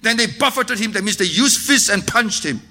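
Male pastor, sermon delivery, high bright voice, earnest and impassioned. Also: animated, normal speed. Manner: impassioned preaching, dropping to hushed earnest tones.

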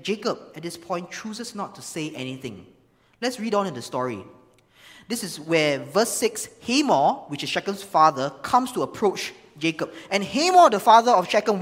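A preacher, reading scripture expressively and explaining it in a sermon. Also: mid-range voice. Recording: long reverb of a large hall.

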